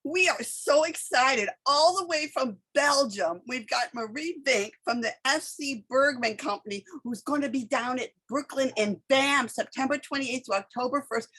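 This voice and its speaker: A woman's voice: sits high, moderate pace, hardly any pauses, fairly bright tone, breathy edge. A woman hosting a theater show, reviewing a play and interviewing a guest in an enthusiastic, gushing way.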